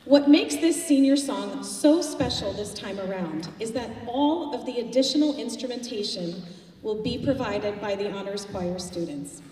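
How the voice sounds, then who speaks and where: A woman who directs a high school choir, chatting to a concert audience between pieces with anecdotes about her students. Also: animated, normal speed. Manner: chatty, warm-hearted, anecdotal. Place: school auditorium. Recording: distant, echoey hall with faint noise.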